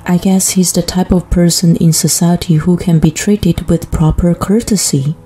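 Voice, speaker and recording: A woman narrating a first-person family drama story in a flat, even reading voice. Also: on the low side, moderate pace, breathy edge.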